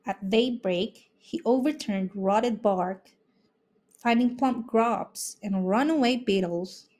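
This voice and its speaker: Slow expressive woman reading a storybook. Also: on the high side. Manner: expressive, unhurried. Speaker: storybook reader. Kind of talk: children's read-aloud narration.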